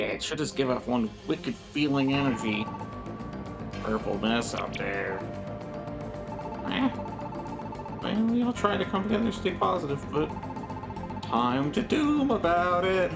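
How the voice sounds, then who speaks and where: Let's play co-host, gravelly and animated, wry reading of game text. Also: medium pitch, slow, pauses often, music in the background. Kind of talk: reading game dialogue aloud.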